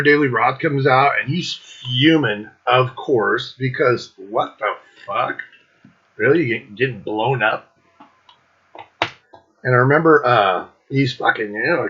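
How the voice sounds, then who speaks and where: Man, middle-aged, casual rambling storytelling, profane, laughing, bright husky voice, dull lo-fi sound. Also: medium pitch. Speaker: host.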